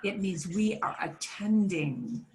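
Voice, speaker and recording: A woman teaching a beginner Spanish class, slowly sounding out each word for her students to repeat. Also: lowish voice, lively intonation, gravelly, darkish tone, slight background noise. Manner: slow, drawn-out modeling of words for students to repeat. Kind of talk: beginner language lesson.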